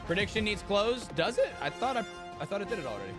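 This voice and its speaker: A man's voice: sits high, fast, over music. A young man hosting a live stream, chatting casually and ranting with lots of swearing while sleepy and yawning. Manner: profane, ranting, animated storytelling. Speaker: streamer hosting a watch party.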